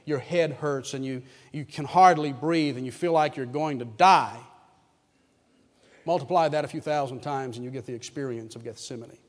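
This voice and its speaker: A pastor preaching a sermon with dramatic swings from hushed tones to loud, wailing emphasis. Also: male voice, medium pitch, normal speed, long reverb tail.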